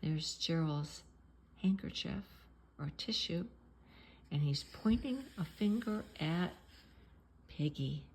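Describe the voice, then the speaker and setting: A woman reading a children's picture book aloud, playful and expressive, acting out the characters' sneezes. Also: sits low, slow, pauses often, husky. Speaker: storybook reader.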